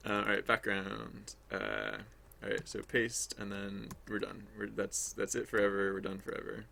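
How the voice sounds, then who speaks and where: A man's voice: on the low side, big pitch swings, slow pace, creaky, pauses often, sharp tone. A man streaming his game development work, chatting casually and rambling as he thinks aloud. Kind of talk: casual livestream commentary while working.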